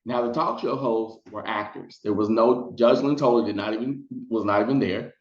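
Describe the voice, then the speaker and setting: Chatty man telling a storytime, echoey room. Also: dull audio. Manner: chatty, animated, quick high-pitched voices for quoted people. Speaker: storytelling vlogger. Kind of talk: casual storytime monologue.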